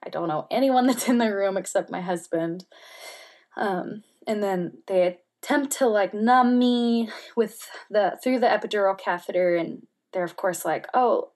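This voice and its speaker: A woman speaking as an interview guest, telling a personal story candidly with many "like" fillers and softening at times to a near-whisper. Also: mid-range voice, normal speed. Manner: candid, heavy use of "like" fillers; emotional, drops to soft near-whispers.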